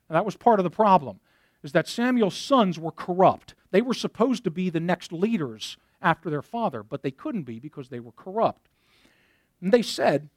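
Lively high-voiced male preacher. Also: normal speed, no room sound, studio quality. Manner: animated preaching, reading scripture aloud to the congregation. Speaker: pastor. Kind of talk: sermon.

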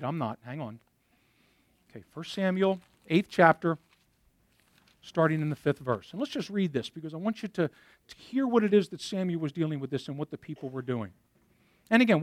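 A man's voice: high voice, no echo, clean studio sound. A man preaching a sermon, talking to his congregation and reading scripture aloud to them. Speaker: pastor.

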